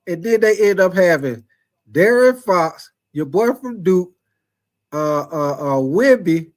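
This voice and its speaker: A fairly high-pitched man hosts a live sports show, talking loosely to his chat. He swings between hyped-up bursts and low, drawn-out asides, repeats himself a lot, and laughs easily. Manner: animated, repetitive, laughs often, calls chatters by name. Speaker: sports talk livestream host. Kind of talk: casual live chat reading super chats.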